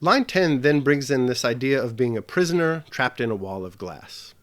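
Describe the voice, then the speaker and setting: Lively-voiced male literature teacher. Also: medium pitch, moderate pace. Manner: explanatory, with emphatic stresses. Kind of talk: scripted lesson narration.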